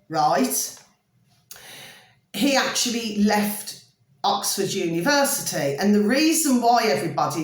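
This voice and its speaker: A woman's voice: medium pitch, echoey room. A woman telling a rambling, chatty story to her viewers, checking in with them again and again. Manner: chatty, rambling, many tag questions to viewers. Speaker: vlogger.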